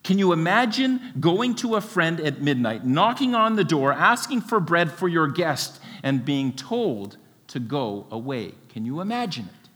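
Male preacher, fairly high voice, lively delivery with rhetorical questions, long hall reverb. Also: unhurried, few pauses. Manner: expressive, rhetorical questions, occasional laughs. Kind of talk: sermon.

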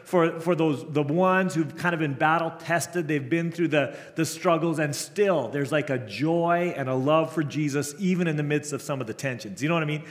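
Middle-aged man, camp director's sermon, slightly high voice, earnest, long reverb of a hall. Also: moderate pace, hardly any pauses. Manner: earnest storytelling with restarts.

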